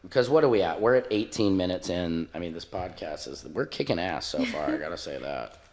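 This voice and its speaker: A man's voice: low-pitched, brisk. A middle-aged man hosting a podcast, telling stories in a casual, joking way with frequent swearing. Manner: animated storyteller, jokes and swears freely. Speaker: podcast host. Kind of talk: casual storytelling chat.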